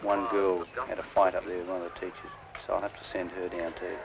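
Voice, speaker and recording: Low-voiced man giving daily orders. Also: level tone, a little fast, gravelly, a crowd in the background, poor audio. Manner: plain, practical, instructing. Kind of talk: briefing staff. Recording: old film audio with loud noise.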